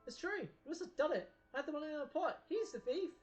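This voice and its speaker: A woman playing a greedy middle-aged tailor in a game story, yelling in a shrill, frantic voice well above her own. He is loud and panicky. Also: animated, quick pace, soft background music. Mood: insistent. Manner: high frantic shouting.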